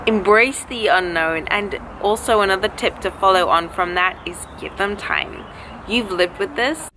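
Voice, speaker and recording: A woman's voice: medium pitch, a little slow, sharp tone, rough recording. A young woman giving frank, encouraging advice in a casual vlog, chatty and swearing now and then. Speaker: vlogger and recovery coach. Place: outdoors by a road with passing cars. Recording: faint traffic noise behind.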